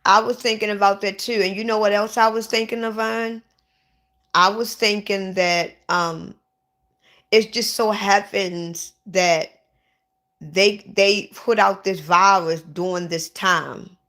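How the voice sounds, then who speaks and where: A woman's voice: medium pitch, steady tone, slow pace, fairly bright tone. A woman who is sick and lightheaded, talking casually and upset to her livestream viewers, repeating herself and restarting often. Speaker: vlogger.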